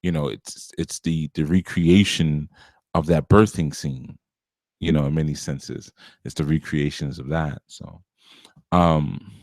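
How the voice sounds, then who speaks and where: Low-voiced man giving a casual spiritual talk. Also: darkish tone, no room sound, studio quality. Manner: conversational, with frequent asides like "you know" and "you see"; chuckles now and then. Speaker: spiritual teacher.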